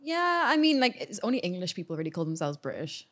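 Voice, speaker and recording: A woman from Wales with a Welsh accent tinged with Irish, a grappling athlete chatting softly and hesitantly as a podcast guest. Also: fairly low pitch, big pitch swings, fast talker. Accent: Welsh with some Irish. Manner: soft-spoken, hesitant with fillers, laughs easily. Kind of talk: casual podcast chat.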